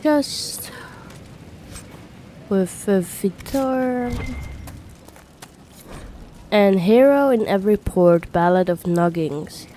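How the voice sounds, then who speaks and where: A woman recovering from a bad cold, giving slow let's-play commentary and mumbling to herself as she plays. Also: mid-range voice, expressive, dark tone, a little hiss or hum. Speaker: gamer.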